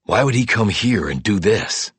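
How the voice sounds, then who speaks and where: A man's voice: lowish voice, lively intonation, normal speed, fairly bright tone, slightly rough, no echo, voice pushed up, exaggerated voice. A man voicing a tough, driven male investigator in an audiobook, speaking in terse, clipped lines. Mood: grim, terse.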